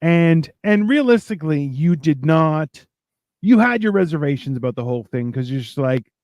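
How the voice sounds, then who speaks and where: A man with a somewhat high voice chats on a podcast, winding through rambling stories. He jumps into raised voices when he acts out what others said. The sound is dry and close. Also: lively intonation, normal speed, darkish tone, no echo. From Canada. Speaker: podcast co-host. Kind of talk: casual podcast chat.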